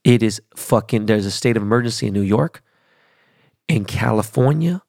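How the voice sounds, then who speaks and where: A man hosting his podcast in a casual monologue, profane and emphatic, his voice rising high when he gets worked up. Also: normal speed, gravelly, a little mellow, no echo, clean studio sound. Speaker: podcast host. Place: Los Angeles studio.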